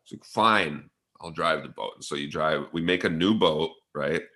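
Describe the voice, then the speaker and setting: A man's voice: very deep voice, moderate pace, pushed and bright. A man chatting casually with a friend, animatedly retelling a video game session and acting out both sides of the story.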